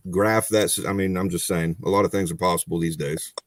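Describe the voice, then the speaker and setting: A man on a live-stream panel, giving his opinions in a measured, deliberate way. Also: sits low, steady tone. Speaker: guest panelist. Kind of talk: casual live-stream chat.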